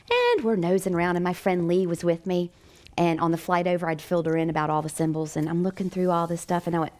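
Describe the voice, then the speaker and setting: An American woman, a chiropractic doctor, telling a personal story in a lively way with frequent laughter. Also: fairly low pitch.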